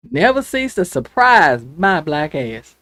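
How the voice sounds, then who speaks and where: A woman's voice: mid-range voice, no room sound, studio quality. Angry woman ranting on a livestream. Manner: angry, impassioned, swinging from shouting to hushed. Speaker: show host. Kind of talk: livestream political rant.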